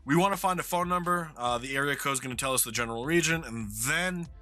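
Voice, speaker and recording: Bright-voiced New York man narrating gameplay. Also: medium pitch, fast, soft background music. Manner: chatty, self-deprecating, swears casually. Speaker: streamer playing a geography game. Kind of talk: casual game commentary.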